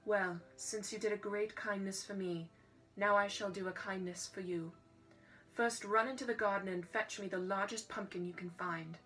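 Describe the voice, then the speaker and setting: A kind fairy godmother from a storybook, voiced by a woman reading aloud, speaking in a soft, calm and gentle voice that is a touch lower and quieter than the narration. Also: moderate pace, recorded from a distance, faint music behind, lightly acted.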